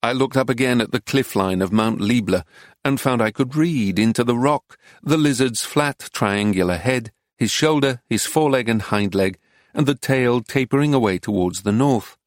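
Measured male audiobook narrator, dry sound. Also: mid-range voice, no echo. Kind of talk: scripted narration.

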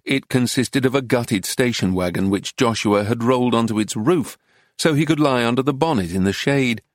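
A man reading a travel narrative aloud in a measured, unhurried audiobook style on a close mic. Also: medium pitch, dry recording. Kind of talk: scripted narration.

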